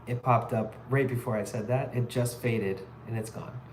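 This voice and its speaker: A man's voice: medium pitch, normal speed, slight background noise. Rambling, easygoing man streaming from his phone. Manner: rambling, relaxed, lots of "like" and "kinda crazy". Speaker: livestreaming artist. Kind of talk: casual live-stream chat while working.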